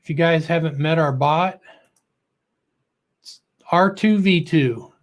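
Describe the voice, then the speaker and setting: A man's voice: fairly high pitch, slow. A middle-aged man hosting a casual livestream, chatty and goofy, greeting viewers by name with a lift in his voice. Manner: joking and goofy. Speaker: livestream host.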